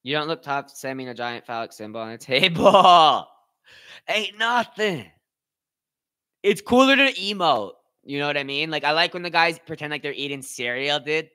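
A young man hosting a live watch party, commentating on slap fights with excitable, profane banter and shoutouts to his chat. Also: a little high, a little fast, few pauses, smooth. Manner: excitable, swears a lot, talks to chat. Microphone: headphones with mic.

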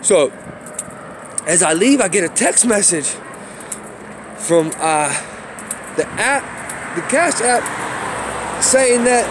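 A man talks into his phone as he walks outdoors, with faint street noise around him. His voice sits a little high, and he rambles through a long story, swearing often and stopping to apologize about his surroundings. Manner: rambling, profane, apologetic asides. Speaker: vlogger. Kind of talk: casual rant while walking.

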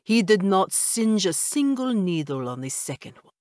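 A woman reading an audiobook voices a formal, winged male creature with an old-world vampire accent, speaking slowly and stiffly. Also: high-pitched, very animated, a little mellow, no echo, clean studio sound. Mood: earnest. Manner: stiff formal speech, slow and deliberate. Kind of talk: audiobook character voice.

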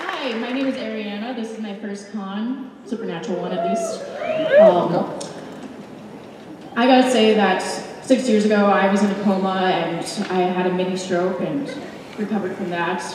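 A woman's voice: mid-range voice, expressive, moderate pace, over a noisy crowd. A woman fan asking a question at a convention panel, nervous and hesitant with fillers. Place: large convention hall. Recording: echoey hall from far off, noisy.

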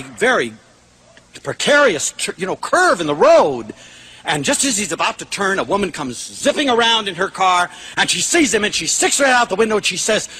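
Animated older man, high lively voice. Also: slight background noise. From United States. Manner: animated, acts out quoted voices, shouts for emphasis. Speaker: lecturer. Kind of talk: lively motivational lecture with anecdotes.

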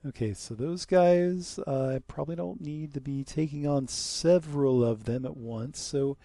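A young man giving casual gameplay commentary, joking and sarcastic, muttering quietly during stealth moments. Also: fairly high pitch, moderate pace, creaky, dry recording, clean studio sound. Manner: joking, sarcastic, drops to a mutter while sneaking. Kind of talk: casual let's-play commentary.

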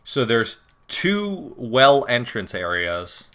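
A man casually commenting on a game, reading its lines aloud, swearing and joking with sudden loud outbursts. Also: medium pitch, slow pace. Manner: profane, joking, animated outbursts. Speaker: let's play commentator.

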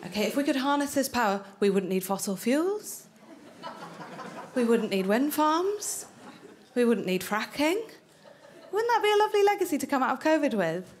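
A woman's voice: high voice, sing-song, moderate pace, slight background noise. A woman from North Wales doing a stand-up set, chatty and cheeky, laughing through her punchlines. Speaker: stand-up comedian.

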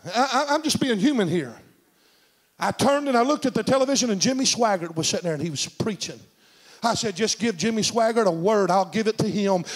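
A middle-aged man preaching a sermon in a church, telling a story and swinging from shouts to hushed tones. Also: sits high, brisk. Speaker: senior pastor. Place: church sanctuary.

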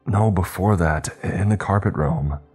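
Narrator doing shaken young guy, pleading, insistent, dark low voice. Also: a little slow, breathy edge, faint music behind.

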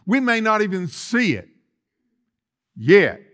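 A man preaching a sermon as lead pastor in a church, swinging from loud declarations to soft asides. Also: sits high, sing-song, slow. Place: church sanctuary.

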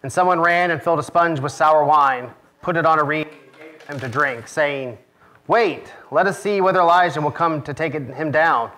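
Bright-toned male pastor reading scripture. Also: a little high, moderate pace. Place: church.

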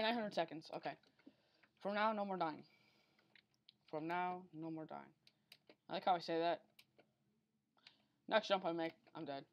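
A woman's voice: on the low side, highs cut off. A woman giving unscripted gameplay commentary during a speedrun attempt, rambling, talking to herself and getting easily frustrated. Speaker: gamer recording a speedrun attempt.

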